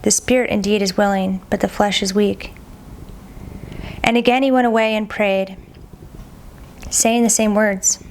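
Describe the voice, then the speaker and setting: A woman reading scripture aloud at a steady, measured pace, sometimes stumbling on a hard name and repeating it. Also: medium pitch, slight background noise. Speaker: Bible reader.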